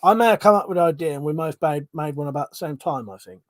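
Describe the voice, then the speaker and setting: A man's voice: a little high, fast, no echo. A man with a Home Counties English accent hosting a casual livestream, rambling through viewer comments, chuckling often and swearing now and then. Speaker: livestream host.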